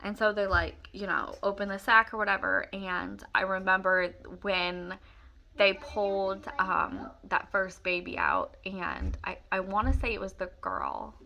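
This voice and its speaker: A young woman talks to the camera in a bright, lively voice, recalling her story with a lot of feeling. She rambles, restarts and fills pauses with "um" and "like", so the telling sounds unscripted and personal. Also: medium pitch, a little hiss or hum. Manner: emotional, rambling with many fillers.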